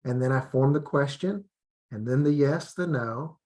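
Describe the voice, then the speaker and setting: A man's voice: medium pitch, normal speed, darkish tone. Man explaining teaching methods. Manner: repetitive, drilling phrases with many restarts. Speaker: English teacher. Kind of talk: teacher training demonstration.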